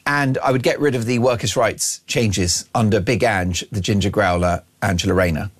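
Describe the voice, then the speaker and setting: A man's voice: lowish voice, normal speed. A man hosting a radio show, delivering a brash, mocking opinion monologue full of self-aggrandizing banter. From Ireland.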